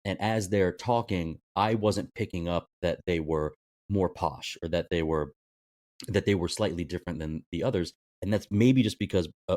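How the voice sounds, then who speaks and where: A man's voice: deep voice, darkish tone, no room sound. A man co-hosting a film podcast, talking casually with frequent hesitations and restarts. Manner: hesitant, many restarts, laughs easily. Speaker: podcast co-host.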